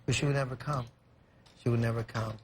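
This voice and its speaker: A man's voice: medium pitch, fairly even intonation, brisk. Young guy from california, earnest and reflective, lots of "you know", faint hiss. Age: young adult. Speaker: guest. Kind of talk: emotional storytelling. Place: TV studio.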